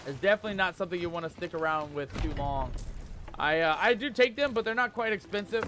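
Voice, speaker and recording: A man with a high, slightly bright voice and lively intonation talks fast while streaming a pirate game. Music plays beneath him as he reads the chat out and banters in pirate slang during his live commentary.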